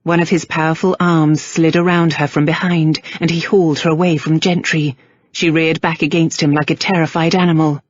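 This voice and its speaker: A woman narrating an audiobook in a measured, even way. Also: low-pitched, no room sound, lo-fi sound. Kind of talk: scripted narration.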